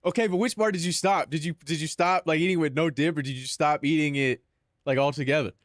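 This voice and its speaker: A man's voice: fairly high pitch, fairly even intonation, fast, dry recording, studio quality. A young man chatting casually on a live stream, joking and mock-dramatic with lots of filler words.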